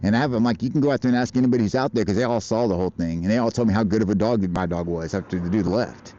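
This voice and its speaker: A man's voice: fairly low pitch, racing, dark tone, a little hiss or hum. Profane rambling man, dull street-stream audio. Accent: American. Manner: profane, rambling, laughs often. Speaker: livestreamer. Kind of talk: casual live-stream chat. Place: outdoors in traffic on a bike.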